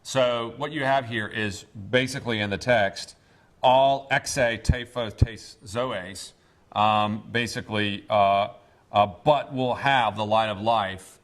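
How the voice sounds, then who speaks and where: A man teaching a classroom Greek lesson, speaking deliberately with many pauses and fillers. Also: lowish voice, steady tone, fairly bright tone. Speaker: seminary professor.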